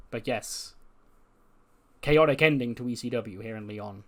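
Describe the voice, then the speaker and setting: Male video host narrating a game recap, casual, profane, mid-pitched voice. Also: a little slow. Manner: chatty, profane, laughs while telling.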